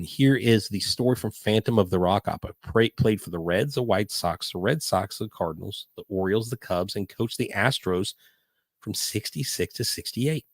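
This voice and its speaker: A man's voice: fairly low pitch, no room sound, clean studio sound. An older man hosts a live podcast stream, chatting in a rambling, hyper way from home at night. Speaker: podcast host. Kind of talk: live-stream casual chat.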